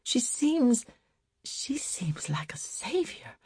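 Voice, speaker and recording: A woman's voice: on the high side, normal speed, dark tone, slightly rough, no room sound, studio quality, pitched above the performer's own voice. A woman voicing a delicate, fragile older spinster who talks through sobs and pleads for help in a storybook reading. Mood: pleading. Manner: tearful and pleading. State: sobbing.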